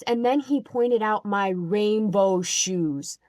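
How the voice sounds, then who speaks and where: A young adult woman telling a story in a casual, animated rant, with lots of "like" and "um" and an exasperated edge. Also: medium pitch, slow, no echo. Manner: animated, filler-heavy, exasperated. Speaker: vlogger.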